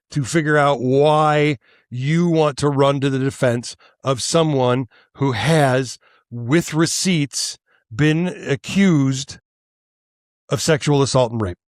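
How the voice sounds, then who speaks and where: A man's voice: medium pitch, takes it slowly, dry recording, studio quality. A male podcast host delivering a heated, profane political monologue, worked up and angry, stammering and restarting as he goes.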